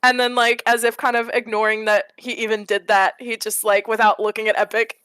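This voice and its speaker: A woman's voice: on the high side, level tone, brisk, a bit bright, clean tone, no room sound. A woman playing a tabletop game, eagerly narrating what her character does. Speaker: player.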